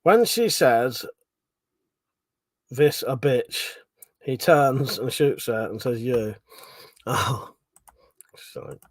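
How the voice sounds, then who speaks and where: A man's voice: medium pitch, animated, drawn-out words, pauses often. Sweary man chatting on a livestream. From Britain. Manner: swears a lot, laughs, mumbles asides, self-deprecating. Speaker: livestream host reading chat. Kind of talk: casual live chat.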